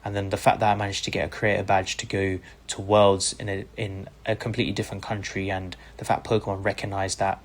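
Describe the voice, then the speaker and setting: A man's voice: low-pitched, fast talker, hardly any pauses. A man from the UK, a content creator being interviewed, telling his story with eager gratitude and bringing other people's words to life as he goes. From United Kingdom. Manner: enthusiastic, grateful, acts out quoted people in lively voices.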